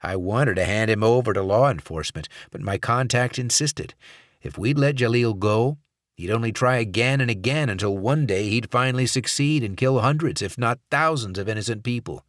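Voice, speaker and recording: A man voicing a cold, ruthless male covert operative who speaks in a calm, clipped, controlled way. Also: mid-range voice, moderate pace, no room sound, clean studio sound, voice pushed up, close to an everyday voice. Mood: explaining.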